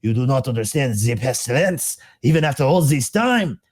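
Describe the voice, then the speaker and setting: A man's voice: mid-range voice, expressive, normal speed, a little mellow, lightly acted. A man putting on an obsessive plague doctor. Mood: grave. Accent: put-on foreign accent. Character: obsessive plague doctor, proud, formal, menacing.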